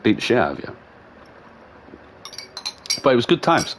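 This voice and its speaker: A man's voice: mid-range voice, normal speed, noisy background. A man, a gaming streamer telling stories in a casual, profane rant and laughing along the way. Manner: profane, animated storyteller.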